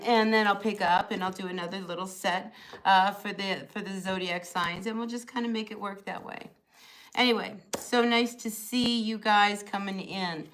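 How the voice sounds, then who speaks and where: A woman's voice: medium pitch, a bit bright. A woman with a New Jersey accent, chatting loosely through a live tarot reading with lots of fillers. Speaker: tarot reader.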